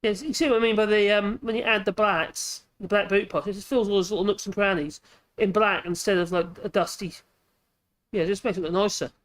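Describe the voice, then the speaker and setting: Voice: medium pitch, fairly even intonation, brisk. A woodworking channel host, chatting casually while demonstrating at the workbench, thinking aloud and correcting themselves as they go.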